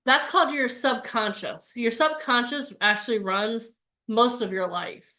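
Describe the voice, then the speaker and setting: A woman in her forties, a coach giving a lively live online workshop and acting out voices. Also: fairly high pitch, measured pace. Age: 40s.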